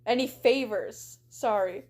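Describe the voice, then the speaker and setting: A woman's voice: fairly high pitch, slow pace, darkish tone. A woman reading the lines of a grumpy, sleep-deprived man who swears and snaps sarcastically on a phone call. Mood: irritated.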